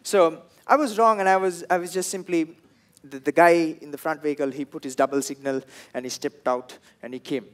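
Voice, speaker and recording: A young comedian with a Sri Lankan English accent works through a stand-up set. His voice sits high for a man, and he tells his stories with animation, throwing in loud bursts when he acts out the people in them. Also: fairly even intonation, fairly quick.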